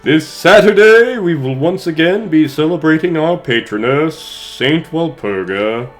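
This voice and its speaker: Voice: medium pitch, expressive, a little slow, faint music behind, natural voice. A let's player doing a solemn village priest. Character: pompous male village priest leading mass. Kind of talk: let's play voice acting.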